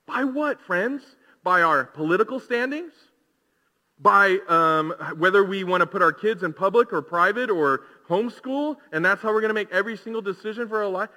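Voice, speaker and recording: A man delivers a casual, conversational sermon and keeps asking his congregation rhetorical questions. His voice sits high and bright. The sound rings with the long reverb of a large church hall. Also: moderate pace. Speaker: pastor.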